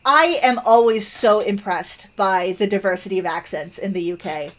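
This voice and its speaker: A woman's voice: medium pitch, moderate pace. A woman with a Canadian accent chatting casually while she plays a game, rambling and thoughtful, with many fillers and restarts. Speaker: gaming streamer.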